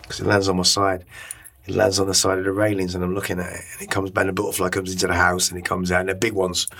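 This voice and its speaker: A man being interviewed as a guest, speaking candidly and reflectively, often halting and repeating words. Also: deep voice, completely flat delivery, fairly bright tone.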